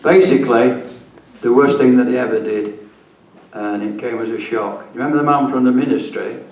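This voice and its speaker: A man's voice: medium pitch, fairly quick, darkish tone. An older man, a retired police officer telling his story at a conference, blunt and swearing freely. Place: conference hall. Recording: echoey room, mic far off.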